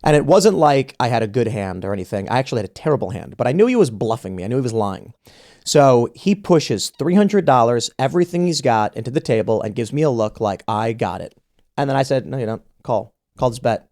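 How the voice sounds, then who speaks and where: A man's voice: medium pitch, animated, fast talker, a little mellow. A man hosting a podcast, telling a story in casual conversation and acting out the quoted exchanges, often restarting his sentences. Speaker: podcast host.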